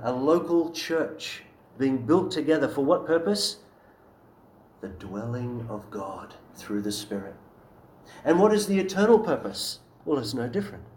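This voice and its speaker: A man's voice: on the high side, a little mellow, roomy sound, rough recording. A man preaching a sermon in an earnest, emphatic way, often asking rhetorical questions.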